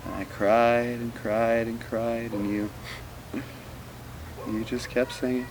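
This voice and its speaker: Man calmly sharing an early memory. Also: mid-range voice, takes it slowly, noisy background. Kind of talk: heartfelt message to camera.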